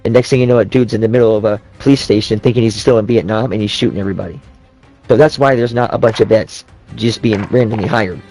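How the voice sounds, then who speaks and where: A man's voice: on the low side, fairly even intonation, fast, darkish tone, soft background music, poor audio. A man ranting casually in a profane, rambling way, often restarting his sentences. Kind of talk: casual rant.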